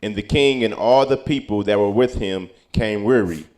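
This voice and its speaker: A man reading old-style Bible verses aloud at a steady pace, now and then stumbling over a word. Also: on the low side, moderate pace. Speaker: scripture reader.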